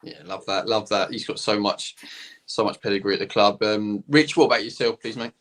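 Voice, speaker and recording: A man's voice: on the low side, steady tone, brisk, fairly bright tone. A man hosting a casual podcast, giving brief friendly prompts to his co-hosts. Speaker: podcast host.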